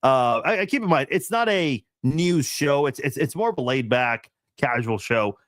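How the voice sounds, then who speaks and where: A man's voice: medium pitch, expressive, normal speed, no echo. Laid-back man rambling on a dry live stream. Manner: rambling, laid-back, laughs often, many fillers and restarts. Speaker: live-stream host answering chat. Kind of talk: casual live-stream chat.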